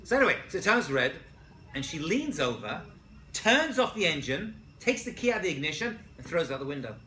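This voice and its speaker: Lively male rabbi lecturer, bright voice, echoey college room, jokes with the class. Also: on the high side, a little fast, slight background noise. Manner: jokey, asks the class questions. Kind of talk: animated lecture with stories.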